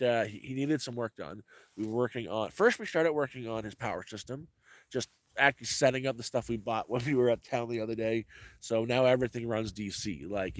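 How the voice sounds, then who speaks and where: A man's voice: medium pitch, no echo. A man talking casually to his viewers in a rambling way, restarting and repeating himself often. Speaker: vlogger. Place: rural off-grid homestead, cold.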